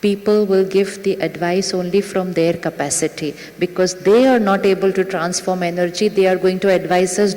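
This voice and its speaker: A woman spiritual teacher giving a talk to a live audience, speaking gently and asking them rhetorical questions. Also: fairly low pitch. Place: lecture hall with audience. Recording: long reverb of a large hall.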